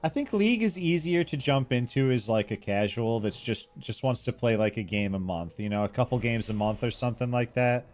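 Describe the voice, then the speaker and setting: A young man chatting casually with viewers while he streams a game, relaxed, laughing often and swearing freely. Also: medium pitch, brisk, few pauses. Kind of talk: casual live-stream chat while gaming.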